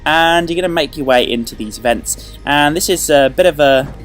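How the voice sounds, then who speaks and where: A man hosting a video game walkthrough, joking and playful, with sudden excited outbursts. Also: on the high side, moderate pace, soft background music. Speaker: let's play host.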